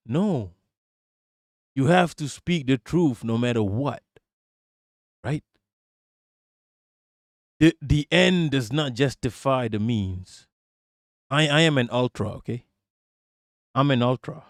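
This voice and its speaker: A man's voice: mid-range voice, takes it slowly, pauses often, no room sound, clean studio sound. A young man hosting a live political commentary stream, heated and profane, often stumbling over and restarting his words.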